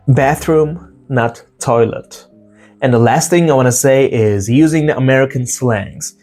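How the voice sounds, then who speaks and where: Non-native male teacher, mid-range voice, casual video lesson, slow word demos, faint background music. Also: medium pitch, a little mellow. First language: Turkish. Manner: demonstrates words slowly, repeats examples, swears casually. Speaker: English pronunciation teacher.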